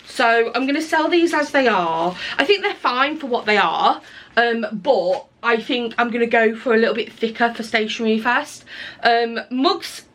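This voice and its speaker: A woman's voice: on the high side, expressive, moderate pace, a bit bright. Chatty woman vlogging. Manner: chatty, rambling, self-interrupting. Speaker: small business owner and illustrator vlogging. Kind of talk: casual chat to camera. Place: small indoor craft studio.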